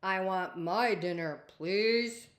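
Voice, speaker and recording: A woman voicing a hungry, grabby little storybook beastie, loud and insistent. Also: medium pitch, slow pace, echoey room, natural voice.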